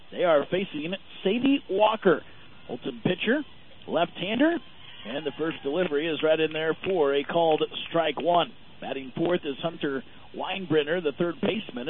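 A man calling a softball game as a radio play-by-play announcer from behind home plate, steady and informative, loud and high on big plays. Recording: phone-like lo-fi radio feed with faint noise.

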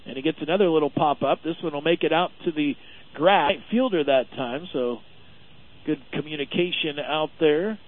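A man giving play-by-play commentary on a baseball game for a radio network, steady and full of stats. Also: a little high, normal speed. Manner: steady, informative, stat-heavy. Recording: narrow phone-like radio audio.

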